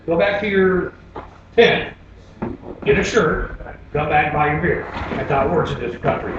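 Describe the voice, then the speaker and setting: Rambling storyteller with a high voice. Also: male voice, normal speed, noisy background. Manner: laid-back, rambling, with fillers. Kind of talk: live comic storytelling on stage. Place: stage before an audience. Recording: distant, roomy, dull live recording.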